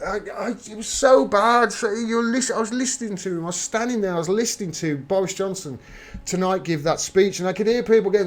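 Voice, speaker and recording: A man's voice: fairly high pitch, fairly quick. A man hosting a live stream, talking through political news and answering viewer messages in an emphatic, heated way, swearing freely. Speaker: livestream host. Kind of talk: live political commentary reading viewer chat.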